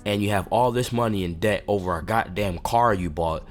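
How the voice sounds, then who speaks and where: A man's voice: fairly low pitch, normal speed. A man hosting a commentary video, a father speaking in a heated, indignant rant. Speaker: commentary channel host. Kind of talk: reaction commentary. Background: faint background music.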